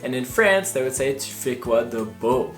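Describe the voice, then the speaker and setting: A woman's voice: rumbling low, expressive, normal speed, faint music behind. A young woman from Canada giving a casual, friendly explanation to her viewers in a vlog. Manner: friendly, chatty teaching tone. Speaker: language vlogger.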